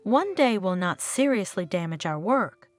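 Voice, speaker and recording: A woman's voice: medium pitch, big pitch swings, normal speed, soft background music, natural voice. A woman voicing an earnest, pleading young father in a storybook.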